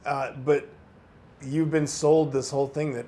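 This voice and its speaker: A man's voice: medium pitch, little pitch movement, fairly quick, dark tone, a little hiss or hum. A man co-hosting a casual podcast, giving blunt, jaded advice with sarcastic asides. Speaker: podcast co-host. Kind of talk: casual chat, advice to listeners.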